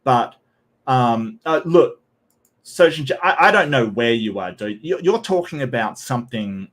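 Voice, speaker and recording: A man's voice: mid-range voice, animated, a little slow, fairly bright tone. A man hosting a live stream, reading posts aloud and chatting with viewers in a rambling way, with many ums and restarts. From Australia. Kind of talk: casual live-stream commentary.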